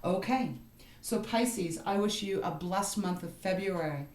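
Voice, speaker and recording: A woman's voice: mid-range voice, measured pace, darkish tone. Earnest woman reading tarot in an echoey room. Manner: earnest, encouraging, talks straight to the listener; repeats herself, with frequent "you know" and "right". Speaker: tarot card reader. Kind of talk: tarot reading for a star sign.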